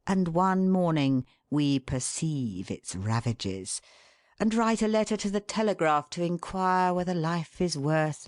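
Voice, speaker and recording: A woman with a low voice reads aloud in an expressive, measured way, her pitch rising and falling widely. She takes her time over each phrase. The sound is dry and close. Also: no echo. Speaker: reader of a book excerpt. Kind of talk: scripted narration.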